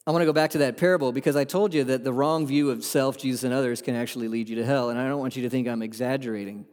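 A man's voice: medium pitch, steady tone, very fast, a little mellow. A man preaching a sermon as a pastor, earnest and emphatic, asking the room rhetorical questions. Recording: long hall reverb.

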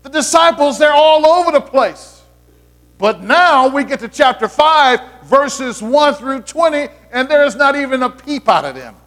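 A man's voice: extremely high pitch, expressive, measured pace, fairly bright tone. A man preaching a sermon as pastor, talking to the congregation in a conversational way, with playful asides and frequent restarts.

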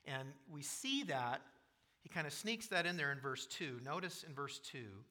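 A pastor preaching a sermon, explaining scripture in an earnest way and asking the congregation questions. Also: male voice, on the high side, expressive, normal speed, bright, forceful tone.

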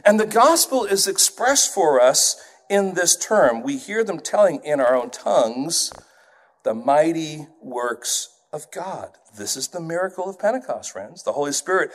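A man who grew up in England, preaching a sermon in an animated way and putting on accents to illustrate his points. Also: fairly high pitch.

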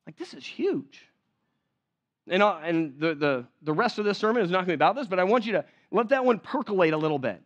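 A man with a fairly high voice preaches a sermon in a loose, chatty way and keeps asking whether his listeners are with him. The recording sounds a little dull and lo-fi. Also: expressive, a little fast. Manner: conversational, checks in with the congregation. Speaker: pastor.

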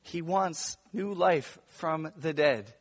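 A male pastor preaching a sermon, moving between hushed, intimate stretches and emphatic, raised passages. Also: a little high, takes it slowly, breathy edge. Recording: long reverb of a large room.

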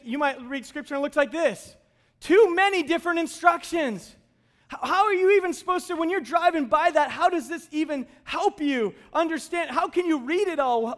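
A man with a notably high speaking voice delivers a sermon from the front of a church. He talks conversationally and jokes with the congregation as he preaches. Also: fairly bright tone. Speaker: pastor.

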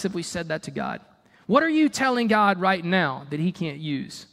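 A man's voice: high-pitched, sing-song, normal speed, vocal fry, pushed and bright, big-room sound. A man preaching a sermon in a conversational, emphatic way, with mock-exasperated asides.

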